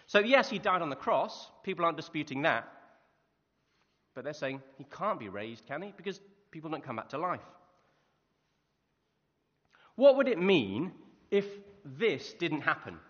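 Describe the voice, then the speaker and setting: A man preaches a sermon in a church hall, telling lively stories and asking his listeners rhetorical questions. His voice is a little high and moves at a moderate pace, and the recording sounds muffled and reverberant.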